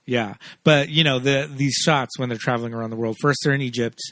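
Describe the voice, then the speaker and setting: A man co-hosting a casual movie podcast, animated and laughing often as he acts out scenes. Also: medium pitch, a little fast, dry recording, studio quality. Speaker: podcast co-host. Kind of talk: casual chat.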